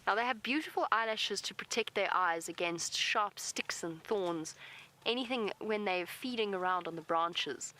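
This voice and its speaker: Answering questions from viewers, a female safari guide narrates wildlife live from outside and murmurs gently to the animals by her vehicle. She speaks at a moderate pace with a medium pitch, though the audio quality is poor.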